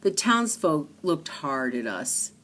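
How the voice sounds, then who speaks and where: Reading a picture book for children, this woman speaks slowly in a voice a bit low for a woman. Her delivery is earnest, expressive, and steady, giving each line its full meaning.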